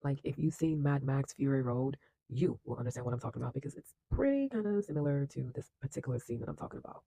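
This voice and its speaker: A man's voice: medium pitch, lively intonation, quick pace, vocal fry, mellow, no echo, rough recording. A man casually retelling a film plot in a loose, chatty way, with lots of fillers and acted-out lines. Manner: acts out characters' lines with bursts of energy. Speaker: film reviewer.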